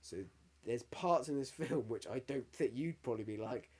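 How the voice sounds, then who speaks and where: A man's voice: mid-range voice, normal speed, a little mellow, breathy edge. A man in his thirties, co-hosting a podcast in casual chat, candid and sweary, getting emotional as he tells stories. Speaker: podcast co-host.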